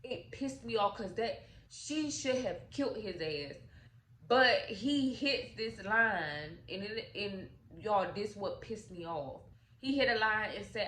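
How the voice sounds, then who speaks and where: A woman casually retelling a movie's plot to her viewers, talking in AAVE with animated, profane asides. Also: medium pitch, takes it slowly, roomy sound, a little hiss or hum, low-quality recording. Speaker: YouTube storyteller.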